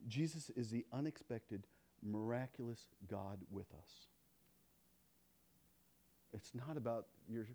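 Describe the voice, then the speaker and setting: A man preaching a sermon, quoting scripture and moving between loud, emphatic lines and quiet, hushed ones. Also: mid-range voice, takes it slowly, pauses often. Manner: stumbles and restarts between quoted verses. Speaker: pastor.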